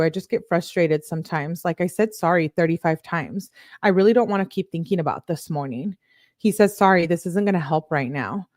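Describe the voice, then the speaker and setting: A woman with a fairly low voice reads a run of text messages aloud, one after another. She keeps the reading plain, then slips into loose, conversational comments of her own. The sound is dry and close, with no room around it. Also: brisk, a little mellow, no room sound. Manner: plain reading with casual asides, says "like" often. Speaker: true crime channel host.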